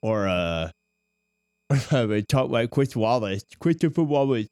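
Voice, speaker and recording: A man's voice: fairly low pitch, expressive, measured pace, clean tone, no echo, clean studio sound. A man hosting a late-night radio show, rambling casually, swearing often and laughing between thoughts. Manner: profane, giggly, rambling.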